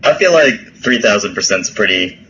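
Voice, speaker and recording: A man's voice: lowish voice, expressive, a little fast, pushed and bright, highs cut off, slight background noise. A man co-hosting a podcast in casual chat, laid-back, laughing often and swearing freely. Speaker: podcast co-host.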